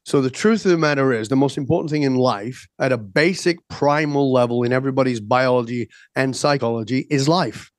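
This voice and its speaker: A man coaching and telling stories with emphatic energy, voicing both sides of quick exchanges. His voice sits at an ordinary middle pitch, and the recording is dry and close. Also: no room sound. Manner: acts out dialogue in quick back-and-forth, emphatic. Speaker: transformation coach, guest. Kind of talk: animated storytelling in conversation.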